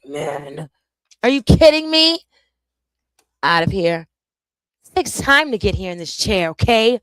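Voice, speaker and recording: A woman content creator chatting casually and jokingly to her viewers on a live stream, animated and self-interrupting. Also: lowish voice, dry recording.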